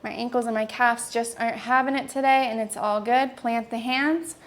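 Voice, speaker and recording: A young woman with a high, light voice leads a yoga flow, giving calm and steady cues from pose to pose. She practices along with the class and sounds a little winded between instructions. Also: normal speed, a little hiss or hum. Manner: calm, steady instructional cueing with brief asides. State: slightly out of breath.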